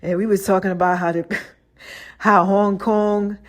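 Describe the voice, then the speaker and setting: Unhurried and level-toned, a woman with a mid-range voice hosts her solo podcast. Her talk is relaxed and slangy, and she laughs often and acts out voices while telling stories.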